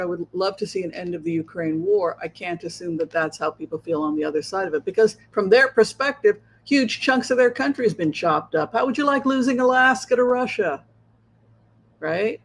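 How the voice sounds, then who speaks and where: A man with a high-pitched voice and moderate pace, identified as a psychic show host, runs a political commentary livestream. He speaks rhetorically and keeps tagging his points with a questioning "right?"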